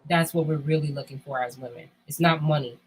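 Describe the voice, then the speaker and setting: A woman with a low, husky voice talks in a candid, casual chat. She is blunt and emphatic, and she swears freely as she makes her points. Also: steady tone, fairly quick, rough recording. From United States.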